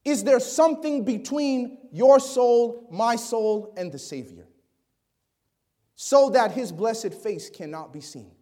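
A man delivers a sermon slowly in a very high, expressive voice, reading passages of scripture and asking the congregation questions. He often falls to a hushed, nearly whispered voice for emphasis.

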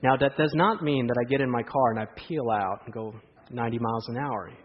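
A man preaching a sermon, telling stories in a lively way and asking the audience rhetorical questions. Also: mid-range voice, brisk. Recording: dull lo-fi sound in a hall with long reverb.

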